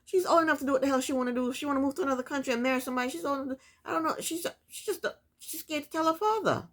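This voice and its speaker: A woman's voice: high-pitched, rapid-fire. A woman recapping a reality TV episode in casual, opinionated commentary, talking straight to her viewers. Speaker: TV recap vlogger.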